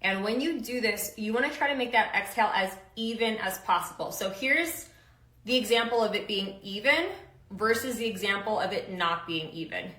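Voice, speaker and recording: A woman's voice: mid-range voice, normal speed, pushed and bright, echoey room, poor audio. A woman strength coach giving upbeat, casual instructions with slang and countdowns for kettlebell lifts.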